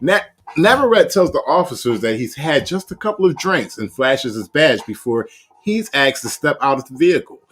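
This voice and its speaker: A man's voice: mid-range voice, sing-song, moderate pace, a bit bright, husky. A man hosting a live review of police videos, reading a news story aloud and adding blunt, profane jokes. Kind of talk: casual live video commentary.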